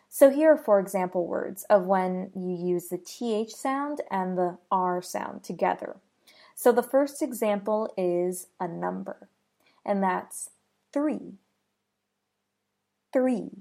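A woman with an American accent leads a pronunciation lesson at a very slow, measured pace. Her voice carries a slightly gravelly edge, and she sounds out each example word three times. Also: mid-range voice, darkish tone. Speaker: pronunciation teacher.

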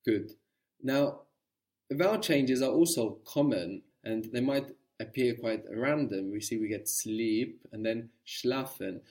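A man's voice: medium pitch, slow pace, darkish tone. A man teaching a language lesson, explaining patiently and encouraging his student.

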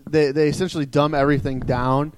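A man's voice: a little high, flat delivery, fast, a little mellow. A man in his thirties co-hosting a podcast, giving blunt opinions with many ums and uhs. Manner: frank, opinionated, with many fillers. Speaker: podcast co-host. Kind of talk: casual chat.

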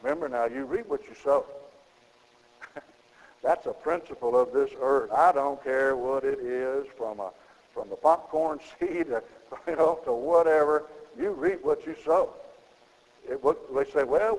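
A middle-aged man preaching a sermon, folksy, with sudden high emphatic rises in his gravelly voice. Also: darkish tone, big-room sound, rough recording.

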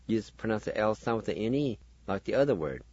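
A low-pitched man leads a radio language lesson, spelling words letter by letter at an unhurried pace. His voice is mellow and dry, close to the mic. The recording has a dull, lo-fi radio sound. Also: lively intonation, slightly rough, no room sound. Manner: slow, deliberate, repeats each syllable.

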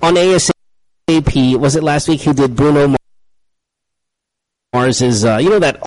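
A man with a Filipino accent hosting a radio show, teasing and excitable, mixing English with Tagalog. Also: a little high, measured pace, low-quality recording. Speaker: radio host. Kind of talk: playful radio banter.

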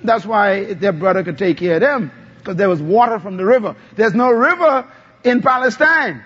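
A man's voice: high voice, expressive, moderate pace, fairly bright tone, husky. A male pastor preaching a sermon, calling on the congregation to answer back. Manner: call-and-response preaching, asks the congregation to answer. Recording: dull lo-fi sound.

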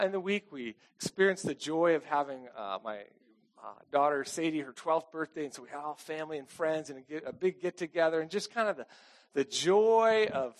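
A middle-aged man preaching a casual, conversational sermon, chatty and self-deprecating, often asking the congregation "okay?". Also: on the high side. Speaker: pastor.

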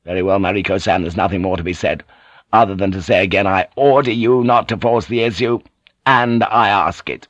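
A stern, commanding feudal lord with stiff, formal speech, as a male reader puts him on. The voice sits low and close. The recording is dry with no room sound. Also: fairly even intonation, fairly quick, a bit bright, no echo, muffled recording, lightly acted.

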